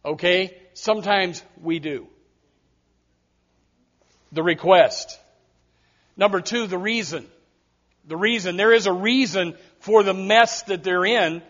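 A man's voice: high-pitched, slow pace, pauses often, fairly bright tone. A man preaching a sermon as pastor, emphatic and repetitive, with frequent direct asides to his congregation. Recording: dull lo-fi sermon recording.

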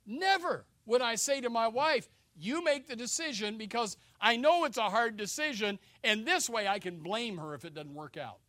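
A high-voiced male preacher with a bright, forceful tone, leaping between murmured asides and shouted calls. He slows right down to stretch out key phrases. The sound is dry and close. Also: animated, no room sound. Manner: swings from low quiet asides to loud shouted exhortation. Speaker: pastor. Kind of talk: sermon.

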